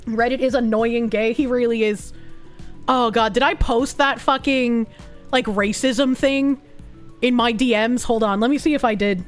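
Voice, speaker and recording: A woman's voice: on the high side, fairly even intonation, a little slow, faint music behind. A woman streamer chatting casually and reacting to chat, blunt, sarcastic and heavy on swearing. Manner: blunt, profane and sarcastic, with frequent laughs.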